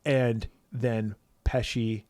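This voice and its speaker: A man's voice: medium pitch, little pitch movement, very slow, a little mellow, no echo, studio quality. A man co-hosting a horror film podcast, chatting casually, joking and swearing, often laughing. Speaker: podcast co-host. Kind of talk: casual chat.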